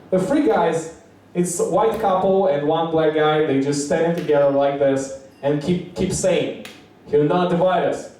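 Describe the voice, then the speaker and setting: Man doing rambling open-mic stand-up, swearing a lot, slightly high voice, echoey room heard from far off. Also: a little slow, warm tone. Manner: rambling, profane, acts out quotes in high voices. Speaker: stand-up comedian. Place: small comedy bar.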